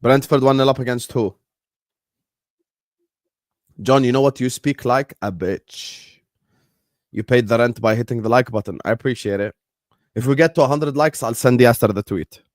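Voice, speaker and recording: A man's voice: medium pitch, no room sound, studio quality. A young man, casually commentating a football stream and bantering with his chat, laughing and teasing.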